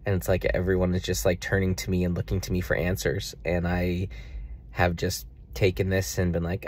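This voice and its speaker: Young man, very deep voice, husky and gravelly, earnest, rambling video diary. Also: little pitch movement, normal speed. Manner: earnest, rambling, faith-filled reflection. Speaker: vlogger.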